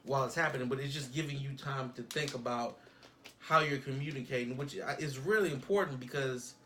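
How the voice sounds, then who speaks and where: A man's voice: mid-range voice, brisk, sharp tone, slight background noise. A man co-hosting a podcast, rambling through ideas in casual chat and acting out little scenes. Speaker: podcast co-host.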